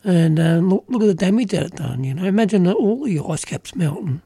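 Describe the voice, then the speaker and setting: A man's voice: sits high, animated, brisk, gravelly, dark tone, breathy edge, no room sound. A middle-aged Australian man with an Australian accent, talking earnestly and emphatically in casual political conversation, with many "you know" fillers.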